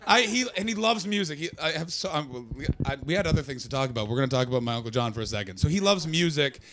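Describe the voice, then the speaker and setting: A man from Canada doing a stand-up comedy set, sarcastic and excitable, throwing asides to the crowd. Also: on the high side, fast talker, noisy background.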